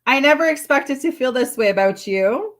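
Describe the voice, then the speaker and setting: A woman's voice: sits high, lively intonation, normal speed. A woman doing a live tarot reading, chatting casually with viewers and reading card messages aloud. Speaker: tarot reader.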